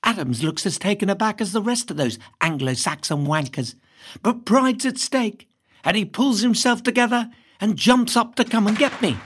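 A woman reading a first-person novel aloud in a lively, cheeky storytelling manner. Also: medium pitch, moderate pace, slightly rough. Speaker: reader.

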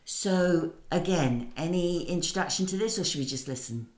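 A woman hosting an interview, steering the talk briskly with questions. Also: lowish voice, darkish tone. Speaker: host. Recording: roomy echo.

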